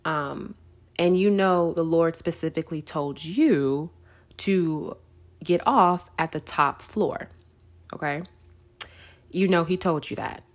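A woman's voice: low-pitched, takes it slowly, long pauses. A woman hosting a faith podcast, telling a story in a casual, chatty way, often asking "right?" and laughing. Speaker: podcast host.

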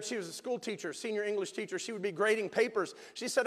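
A male pastor telling a personal story in a sermon, animated and emphatic, sometimes bursting into a shout. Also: high-pitched, fast talker, few pauses. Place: church sanctuary. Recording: long reverb of a large hall.

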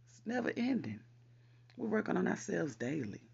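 A man hosting a podcast, reciting affirmations and repeating them slowly for emphasis in an encouraging way. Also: high voice, big pitch swings, vocal fry, darkish tone, breathy edge, dull audio. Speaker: podcast host. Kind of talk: spoken affirmations.

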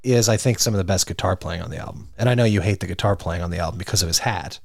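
A man's voice: sits low, rapid-fire, gravelly, no room sound, clean studio sound. A young man co-hosting a casual music podcast, rambling through his opinions with lots of "like" and "kind of". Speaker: podcast co-host. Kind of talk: casual music review chat.

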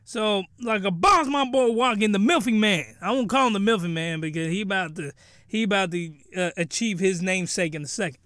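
A man giving a crude, rambling comedic recap of a show in an animated way. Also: high voice, fairly quick, dry recording, studio quality.

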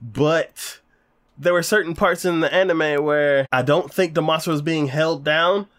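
A man's voice: on the high side, unhurried, a bit bright. A man in casual chat reviewing an anime, rambling and hesitant with lots of fillers. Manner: rambling, hesitant, many fillers, laughs often.

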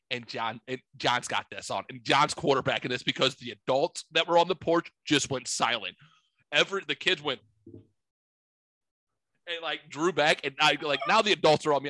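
A man in his forties co-hosting a podcast, telling a profane, animated story and acting out the people in it. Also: fairly high pitch, moderate pace, no echo. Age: 40s. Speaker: podcast co-host. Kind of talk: casual storytelling chat.

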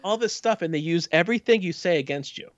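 A man telling a casual story in an animated way, laughing often and mimicking the people he quotes. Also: sits high, fast, dull audio. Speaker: storyteller on a chat podcast.

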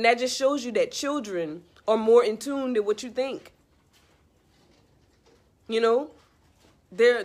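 Earnest woman giving casual life advice. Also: on the high side. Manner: earnest, repetitive, preachy, talks straight to the listener. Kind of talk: casual heartfelt monologue.

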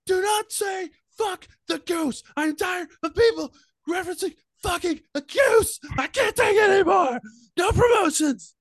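A man voicing an exasperated figure who shouts in a high falsetto. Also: measured pace, dry recording. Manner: shouting, frantic.

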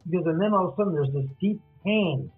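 A man, a guest author, retelling a story in lively detail and acting out both sides of each conversation. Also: high voice, fast, faint music behind. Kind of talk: animated storytelling in an interview. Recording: tinny phone line.

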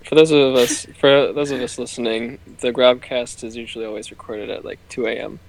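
A man's voice: medium pitch, steady tone, fairly quick, slight background noise, low-quality recording. A teenage boy co-hosting a podcast, agreeable and steering the late-night casual talk. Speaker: podcast co-host.

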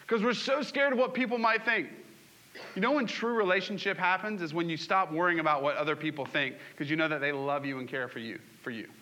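A man's voice: high-pitched, pushed and bright. A man preaching a sermon, asking the congregation questions and acting out scripture scenes. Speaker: pastor.

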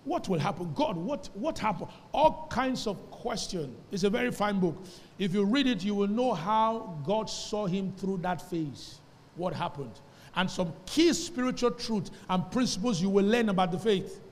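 A man preaching, his voice pitched high and carrying into a long church reverb. He keeps firing questions at the congregation and swells into loud, drawn-out emphasis. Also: expressive. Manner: preaching with call-and-response questions, rising to shouts. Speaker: pastor. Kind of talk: sermon. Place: church sanctuary.

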